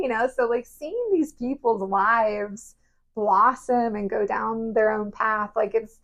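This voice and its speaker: Brief: lively woman podcast host, slightly high voice, bubbly and expressive storyteller. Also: unhurried, lo-fi sound. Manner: bubbly, animated storyteller who laughs often. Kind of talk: casual chat. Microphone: podcast mic.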